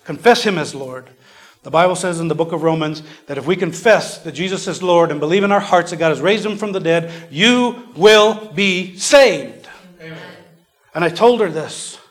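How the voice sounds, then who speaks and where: A man preaching a sermon in a church, earnest and repetitive, falling to a near whisper before swelling loud again. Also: fairly high pitch, brisk. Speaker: pastor. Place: church service.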